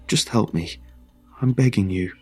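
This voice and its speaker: A man's voice: on the low side, normal speed, a little mellow, slightly rough, soft background music. A man doing a terrified begging stranger. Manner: desperate, whimpering, begging.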